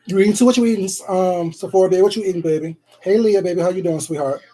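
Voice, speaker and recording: A man with a high, breathy, dark-toned voice talks very fast as he hosts a casual eating livestream. The food vlogger chats with his viewers, calls them baby and sweetheart, and hums while he eats.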